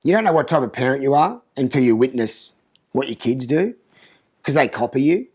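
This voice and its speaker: A man with an Australian accent doing a comic monologue about parenting, deadpan and crude. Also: medium pitch, fairly quick, slightly rough. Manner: deadpan, crude, mocking asides. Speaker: comedian. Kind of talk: stand-up style comic monologue.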